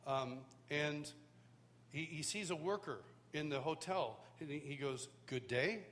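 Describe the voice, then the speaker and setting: At a live worship school in a large hall, an American worship teacher gives his personal testimony in a chatty, storytelling manner full of restarts. His voice sits on the high side with a fairly bright tone. The recording carries long hall reverb and a faint hum.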